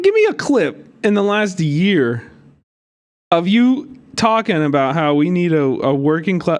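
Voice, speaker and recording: A man's voice: a little high, normal speed. A man streaming live, reacting to clips with mocking, profanity-laced commentary and frequent laughter. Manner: animated, cursing, mocking, laughs often. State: hiccups.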